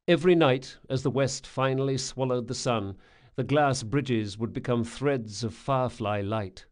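Male audiobook narrator, mid-pitched, measured and descriptive.

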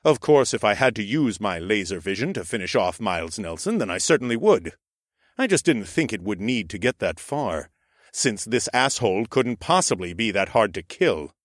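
A man narrating a first-person audiobook in an expressive, sardonic storytelling manner. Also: fairly low pitch, moderate pace, no room sound, clean studio sound.

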